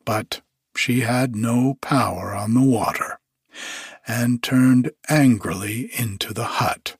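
A man narrating a fairy tale in a slow, measured storybook reading. His voice is husky and the pace very slow. The recording is dry and close. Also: medium pitch, no echo.

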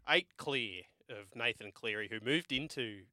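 A man's voice: medium pitch, measured pace, sharp tone, dry recording, clean studio sound. A man co-hosting late-night sports radio, explaining things and giving stats in a matter-of-fact way. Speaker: radio co-host. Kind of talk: casual sports radio chat. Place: radio studio.

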